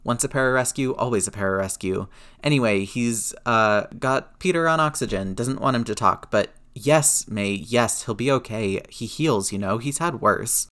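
A man reading aloud, voicing a rattled, snappy male inventor who talks fast and rambles defensively. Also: mid-range voice, fairly bright tone, lightly acted. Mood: flustered, nervous.

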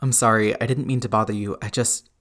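A man voicing an earnest adult male hero who speaks in halting apologies. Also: fairly low pitch, steady tone, a bit bright, close to an everyday voice. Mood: apologetic.

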